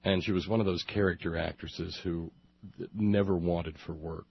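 A man's voice: low voice, fairly even intonation, normal speed, gravelly, husky. A man telling a long sarcastic monologue, building to comic outbursts. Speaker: radio commentator. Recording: muffled lo-fi recording.

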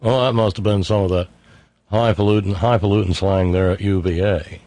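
A man's voice: low voice, steady tone, fairly quick, dark tone, no room sound. A middle-aged man hosting a call-in radio show, sardonic, reading listener messages aloud in mocking voices. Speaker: radio talk show host.

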